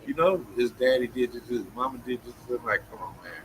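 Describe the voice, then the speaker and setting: A man's voice: mid-range voice, fairly quick, background noise. Emphatic man, a counselor, chatting. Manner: emphatic, keeps asking you know what I'm saying. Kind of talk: casual chat.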